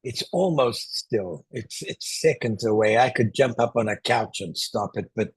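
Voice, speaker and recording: Man, slow unhurried speech, dry close sound, casual tutorial, loud projecting voice. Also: mid-range voice, lively intonation, slightly rough, no echo, rough recording. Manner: speaks loudly on purpose, with frequent "right?" check-ins. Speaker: online presentation coach. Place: small one-room apartment, indoors.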